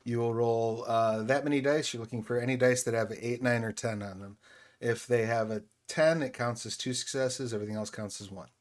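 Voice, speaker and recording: A man's voice: medium pitch, a little fast. A man running a tabletop game as game master, narrating loosely with many fillers. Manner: loose, filler-heavy, laughs easily.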